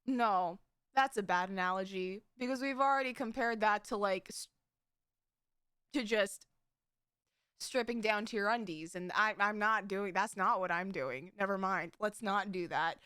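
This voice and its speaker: A young VTuber rambles and giggles with her live audience, frequently pausing to correct herself in casual stream chat. Her mid-range voice is fairly bright, clear and resonant, at a measured pace, in a studio-quality recording with no echo.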